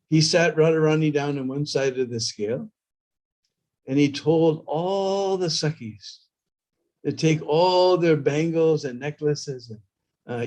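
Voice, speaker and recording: A male preacher tells a sacred story in a loose, conversational sermon. He checks in with listeners with a quick "hmm?" in a middle-pitched voice. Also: a little mellow.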